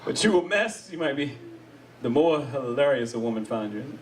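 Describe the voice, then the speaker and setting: A man doing live stand-up comedy, acting out quoted voices in an animated way. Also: mid-range voice, normal speed. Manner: animated, acts out quoted voices, laughs along with the crowd. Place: comedy stage before a live audience. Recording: distant mic with loud audience laughter. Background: audience laughing.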